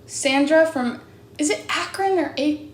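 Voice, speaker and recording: A young woman singer chatting casually as she answers fan questions, bubbly and full of "like"s and quick laughs. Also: high voice. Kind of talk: casual chat. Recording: echoey room with faint background noise.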